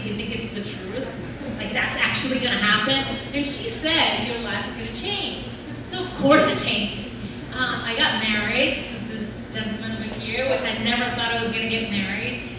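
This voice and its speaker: A woman chef speaking at a live event, telling her story in a candid, lively way, swearing often and laughing. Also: a little high, noisy background. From Latin America. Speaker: chef giving a talk. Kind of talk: personal story talk on stage. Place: event venue stage. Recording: echoey hall, speaker far from the mic.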